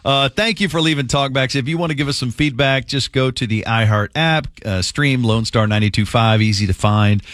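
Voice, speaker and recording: A man hosts morning radio with brash, joking energy. His voice sits at an everyday pitch and sounds close and dry, with no room around it. He speaks into a studio microphone. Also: a little fast, hardly any pauses, fairly bright tone, no echo. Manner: brash, jokey, upbeat. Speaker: radio show host.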